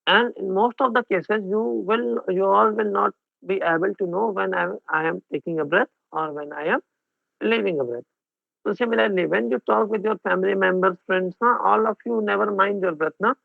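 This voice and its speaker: Male Indian English tutor, raspy and high, mixes in Hindi, heard over a tinny, dry line. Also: moderate pace, no room sound. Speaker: exam coaching teacher. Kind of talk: online class lecture. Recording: phone-like narrow band, dry.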